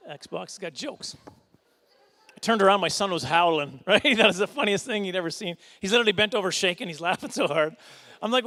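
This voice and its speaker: A middle-aged man performs stand-up at a fundraising dinner. His voice sits high, and he rambles through his stories. He keeps mocking himself with quick chuckling asides. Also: very animated, a bit bright. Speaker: stand-up comedian. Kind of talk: stand-up comedy set.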